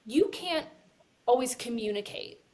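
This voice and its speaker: A woman's voice: fairly high pitch, expressive, a little slow, a little mellow. A woman co-hosting a casual podcast conversation, earnest and talking in restarts with lots of "like". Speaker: podcast co-host.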